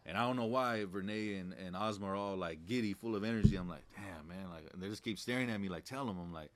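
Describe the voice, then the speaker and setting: Low-pitched and a bit bright, the young man speaks at a quick pace in a dry recording. He's a credit specialist guesting on a podcast, reflective and easygoing as he tells stories in casual slang.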